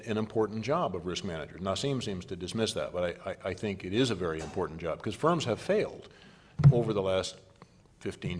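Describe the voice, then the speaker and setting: A middle-aged man answering as a panelist on risk management, measured and given to repeating words while he gathers his thoughts. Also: on the low side, husky.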